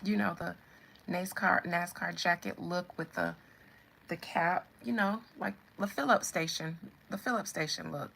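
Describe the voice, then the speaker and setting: A woman's voice: lowish voice, measured pace, vocal fry, fairly bright tone, low-quality recording. A woman in her thirties with a Southern American accent, chatting to viewers in a sassy, teasing way. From Southern United States. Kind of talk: casual chat to viewers.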